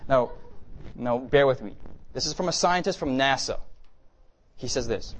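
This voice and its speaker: A man giving a conversational sermon lecture with slides, lively and often checking in with his listeners. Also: mid-range voice, moderate pace, pauses often. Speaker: preacher teaching a class.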